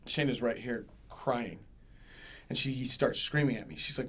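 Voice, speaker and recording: A man hosting a podcast who tells a personal story in casual chat and gets loud when he acts out other people. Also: medium pitch, fairly even intonation, moderate pace. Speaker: podcast host.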